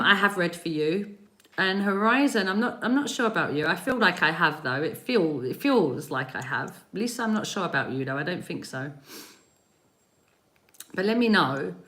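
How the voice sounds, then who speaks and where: A woman's voice: medium pitch, pushed and bright. A British woman hosting a live spiritual reading stream, chatting casually, greeting viewers by name and laughing often. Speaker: spiritual reader and livestream host. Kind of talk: casual livestream chat. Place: home in Spain.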